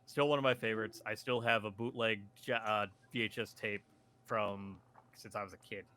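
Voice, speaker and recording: A man guests on a casual podcast and answers questions. His voice has a bright, forward edge, and he hesitates with small fillers as he thinks. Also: lowish voice, steady tone, normal speed, clean tone. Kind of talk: casual chat.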